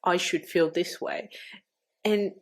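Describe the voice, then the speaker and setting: Reassuring woman with a lowish voice. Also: fairly even intonation, slow pace. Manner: reassuring, supportive. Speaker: podcast host, doula. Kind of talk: casual conversation.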